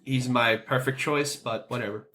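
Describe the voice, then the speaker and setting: A man's voice: mid-range voice, steady tone, background noise. A man co-hosting a podcast, giving firm opinions in casual chat, often restarting his sentences. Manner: opinionated, talks in quick bursts with restarts. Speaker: podcast co-host.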